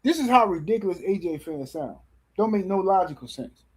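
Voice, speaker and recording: A man's voice: high-pitched, expressive, fairly quick, husky, poor audio. A man hosting a casual boxing livestream, reading super chats and ranting in slangy, repetitive talk. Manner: slangy, repeats himself, rants and reads super chats.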